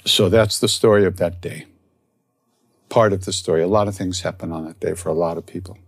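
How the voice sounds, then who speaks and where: A man, a spiritual teacher, telling a story and then reflecting softly on spiritual practice. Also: low voice, fairly even intonation, a little fast, vocal fry, husky, no echo. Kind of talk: storytelling talk.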